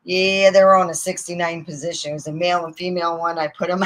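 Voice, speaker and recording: A middle-aged woman from Michigan spins loose comic stories in a bright, forceful voice. She rambles from one tale to the next, jumping from loud bursts down to low mutters, and laughs at her own jokes. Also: fairly quick, low-quality recording. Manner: animated, rambling, swings between loud outbursts and mutters. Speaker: comedy storyteller. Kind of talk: casual comic storytelling.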